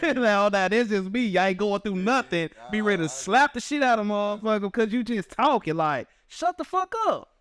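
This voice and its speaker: A man's voice: sits high, moderate pace, hardly any pauses, fairly bright tone. A man, co-hosting a podcast in casual, profane chat and laughing between thoughts. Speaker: podcast co-host.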